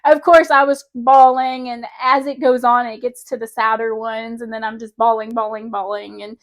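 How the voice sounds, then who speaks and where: A young woman vlogger telling a personal story in a chatty, animated way, often laughing mid-sentence. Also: fairly high pitch, moderate pace. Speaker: spiritual vlogger. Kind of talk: casual personal storytelling to camera.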